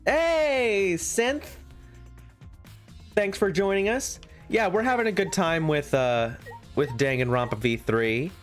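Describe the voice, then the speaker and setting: Slow-talking, rambling male streamer. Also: sits high, expressive, soft background music. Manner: rambling, chatty asides to viewers, frequent laughs. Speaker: streamer reading a visual novel. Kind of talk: casual live-stream chat.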